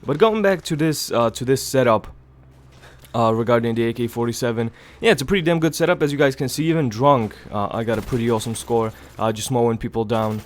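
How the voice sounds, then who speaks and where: Speaking fast and low, a young gaming channel host with a cold-clogged nose murmurs rambling commentary over his game at home in the early morning, careful not to wake anyone. The talk is casual, crowded with filler words, and he swears without much thought.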